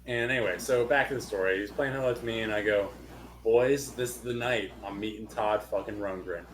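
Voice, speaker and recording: A young man co-hosting a podcast, telling a long story in casual chat, animated and swearing freely. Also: fairly low pitch, brisk, a little hiss or hum. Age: young adult. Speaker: podcast co-host.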